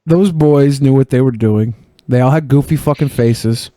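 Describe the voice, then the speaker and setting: A man's voice: medium pitch, moderate pace, mellow, no room sound. A man hosting a podcast, talking in blunt, profane and rambling casual commentary. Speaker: podcast host.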